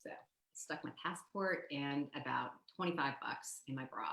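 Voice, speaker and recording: An American woman with a low, deep-set voice tells a personal story with lively energy, slipping into "like" and "you know" as she goes. The sound is roomy, with a noticeable echo around her. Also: normal speed. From United States. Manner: lively, acts out quoted dialogue, frequent "like" and "you know". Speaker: storytelling guest.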